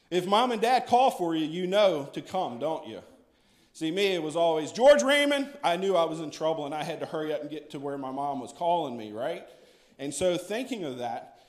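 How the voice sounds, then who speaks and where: Pastor guy talking to the kids at church, high voice, gentle and playful, big echoey room. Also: animated, normal speed. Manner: gentle, coaxing, playful with children. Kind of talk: children's message in a church service. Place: church sanctuary.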